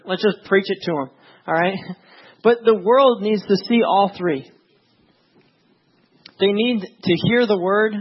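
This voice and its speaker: A pastor preaching a sermon in an earnest, conversational way, with many "you know"s. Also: male voice, high-pitched, husky, lo-fi sound.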